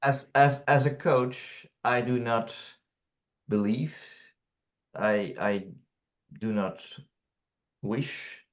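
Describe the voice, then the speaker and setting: A man and coach on a panel, speaking deliberately with many pauses and fillers. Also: mid-range voice, muffled recording. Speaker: master certified coach. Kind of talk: casual panel discussion.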